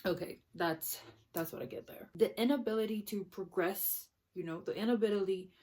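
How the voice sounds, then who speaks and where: A woman's voice: medium pitch, moderate pace, a little mellow. A woman book vlogger talking through her thoughts on a novel, thoughtful and searching for words, often restarting her sentences. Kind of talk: casual book discussion.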